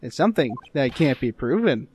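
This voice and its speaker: A man's voice: medium pitch, big pitch swings, brisk, a little mellow, a little hiss or hum. A young man joking around in casual gameplay commentary, goofy and laughing. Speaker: let's play co-commentator.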